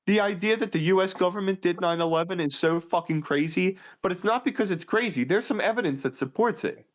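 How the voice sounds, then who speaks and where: A man with a fairly high voice rants crudely on a casual podcast, jumping from loud outbursts to low mutters. The audio sounds muffled and lo-fi. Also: brisk. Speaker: podcast co-host.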